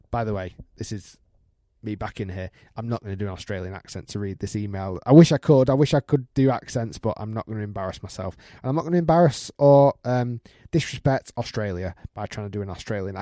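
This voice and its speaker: Male podcast host, warm mellow tone, dry close sound, chatty and laughing while reading mail. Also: on the low side, expressive, a little fast, no echo. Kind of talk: casual podcast monologue, reading listener email.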